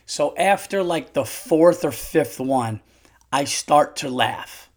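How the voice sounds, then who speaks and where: A middle-aged man hosting a solo podcast, telling a story in an animated way, swearing freely and laughing as he goes. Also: on the high side, slow pace. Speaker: podcast host.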